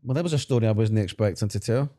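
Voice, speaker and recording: A Scottish man co-hosting a podcast, chatting casually as an animated storyteller who laughs often and swears. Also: on the low side, very fast. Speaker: podcast co-host. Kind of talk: casual chat.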